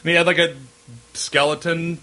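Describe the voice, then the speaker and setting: Bright-voiced, incredulous man. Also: fairly high pitch, little pitch movement. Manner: incredulous, laughs often, fast bursts. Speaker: podcast co-host. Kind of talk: casual chat.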